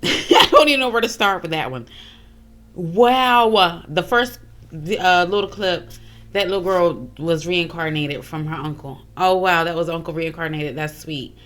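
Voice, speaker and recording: A woman hosting a reaction video, reacting in casual commentary with drawn-out exclamations. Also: sits low, fairly bright tone.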